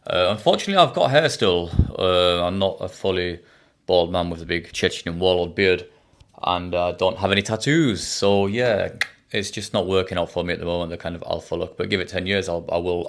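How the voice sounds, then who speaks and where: A man with a somewhat low-pitched voice talks straight to his audience in a casual vlog. He teaches English online, and he keeps undercutting himself with sarcastic jokes and rambling restarts. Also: fairly bright tone. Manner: jokey, self-mocking and sarcastic. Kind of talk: casual talking-head vlog.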